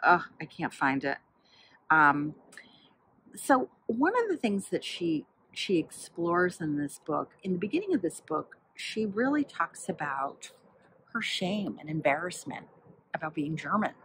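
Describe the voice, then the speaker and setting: Woman, low voice, slow unhurried talk, casual book chat, rambling with fillers, faint background hum. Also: very animated, fairly bright tone, poor audio. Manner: rambling, many fillers, flips through the book while talking. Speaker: book vlogger.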